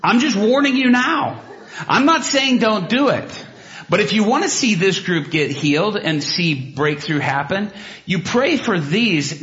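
A man delivers a sermon with a story, his voice pitched a little high. He tells it with animated flair, acting out each quote. The recording is dull and lo-fi. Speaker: preacher.

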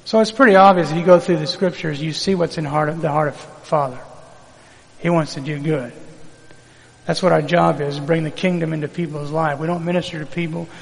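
Preacher guy reading verses, emphatic, gravelly, long hall reverb. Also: fairly high pitch, steady tone, brisk. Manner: reads scripture aloud with emphatic call-and-response. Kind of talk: sermon.

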